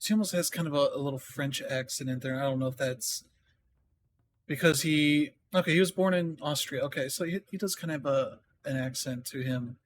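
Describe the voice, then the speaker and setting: Talking fairly quickly in a mid-range voice, a man provides casual commentary on a game stream. He reads up on things as he goes, thinking aloud and half-muttering his notes to himself, with slight noise in the background.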